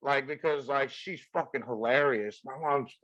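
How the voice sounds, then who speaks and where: A man's voice: mid-range voice, normal speed, a bit bright, dry recording, highs cut off. A man hosting a casual podcast chat, from Mexico, who talks bluntly, laughs a lot and leans on "like" fillers. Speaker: podcast host and comedian.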